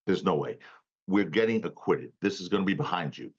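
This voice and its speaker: A man's voice: low voice, lively intonation, brisk, slightly rough, muffled recording. A male defense attorney, a guest on a talk show, telling a story emphatically and laughing now and then, over a remote call. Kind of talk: animated storytelling interview.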